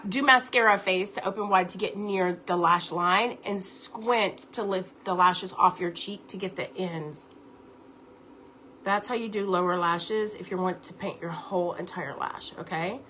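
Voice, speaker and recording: Her voice medium in pitch, bright, and forceful, the beauty teacher keeps up her live at-home makeup lesson, chatting and instructing her viewers step by step. A little background noise can be heard.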